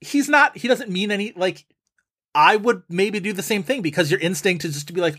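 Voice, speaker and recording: A man's voice: high-pitched, animated, moderate pace, fairly bright tone. A young man co-hosting a casual film podcast, talking in a rambling way with lots of fillers. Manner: chatty, rambling with many fillers. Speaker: podcast co-host.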